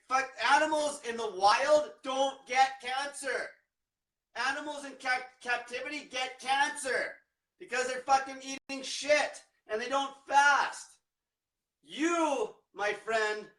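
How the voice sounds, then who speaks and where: Man, high bright voice, blunt, combative, heavy swearing, echoey room, distant mic. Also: unhurried. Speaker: diet coach. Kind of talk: profane motivational rant.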